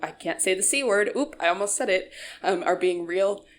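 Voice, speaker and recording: A woman's voice: medium pitch, moderate pace. A young woman giving a casual, joking recap of a TV show, full of sarcastic asides. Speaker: YouTube commentator.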